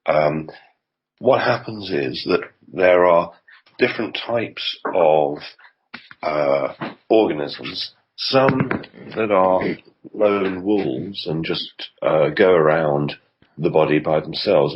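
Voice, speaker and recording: A man's voice: low voice, lively intonation, slow pace, husky, dull audio. A male health consultant answering interview questions on the radio, explaining in a hesitant way with frequent ums and restarts.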